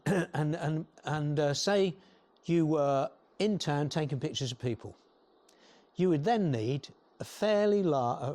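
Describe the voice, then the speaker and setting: An older man giving an informal, rambling talk to a photography club, often clearing his throat and restarting sentences. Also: a little high, a little mellow. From England.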